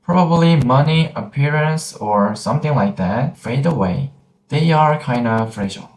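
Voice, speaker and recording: A man with a Korean accent teaching pronunciation in a gentle lesson, repeating each sound slowly. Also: medium pitch, animated. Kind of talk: slow, patient pronunciation lesson. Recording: roomy echoey room.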